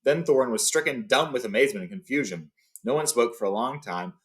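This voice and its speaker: Brief: a relaxed male reader, mid pitch, casual read-aloud storyteller. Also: fast. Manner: loose, with fillers and paraphrasing.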